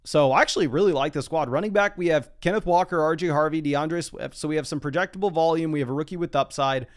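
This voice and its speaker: A man's voice: a little high, fast. A young man streaming live from his desk, chatting casually through a fantasy football draft and reading out viewer comments. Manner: chatty, reads chat comments aloud. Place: home desk.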